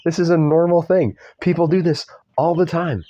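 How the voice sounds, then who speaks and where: A man's voice: on the high side, normal speed, warm tone. A middle-aged man reading a book aloud and breaking off into mocking, exasperated asides. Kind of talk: read-aloud with sarcastic commentary.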